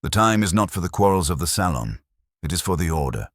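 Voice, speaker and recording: A man voicing a fastidious, formal foreign detective who speaks in courteous, measured phrases. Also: low voice, big pitch swings, dry recording, clean studio sound.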